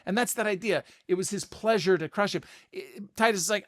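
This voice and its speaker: A middle-aged man hosting a casual podcast, talking through ideas in an animated way and often repeating words as he thinks. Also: high voice, brisk, few pauses. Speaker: podcast host. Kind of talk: casual spoken commentary.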